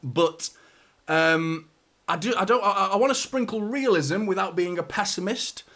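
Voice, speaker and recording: A man hosting a football fan watchalong stream, chatting casually, excitably and at a rambling pace, with casual swearing. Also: sits high, a little slow. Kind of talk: casual live-stream chat.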